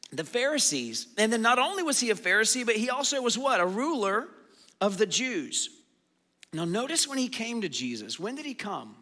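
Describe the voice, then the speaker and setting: A man gives a sermon in a high, bright voice, walking listeners through a Bible passage. He keeps tossing questions to the audience and answering them himself. The sound carries a long hall reverb. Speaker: pastor.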